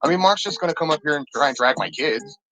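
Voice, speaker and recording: A man hosting a live stream, ranting in a rambling, profane, animated way. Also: a little high, fast talker, faint music behind, poor audio. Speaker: stream host. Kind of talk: casual live-stream rant.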